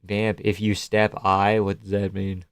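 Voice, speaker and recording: A man's voice: fairly low pitch, monotone, measured pace, smooth, no room sound, clean studio sound. A man hosting a live stream, giving casual, joking reaction commentary on fights, swearing often and reading chat aloud.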